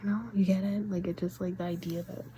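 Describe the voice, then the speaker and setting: A woman's voice: on the low side, level tone, quick pace, dark tone, slight background noise, rough recording. A young adult woman vlogger in casual rambling chat, full of fillers and often dropping to a whisper.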